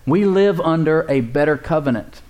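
Male preacher with a raised voice, sermon with call-and-response, slow stress on key phrases. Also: on the high side, expressive, a little mellow, muffled recording. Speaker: pastor.

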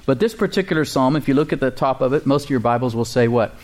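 A man's voice: mid-range voice, animated, quick pace, darkish tone. Man preaching a conversational sermon. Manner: conversational preaching with call-and-response and chuckles. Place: church congregation.

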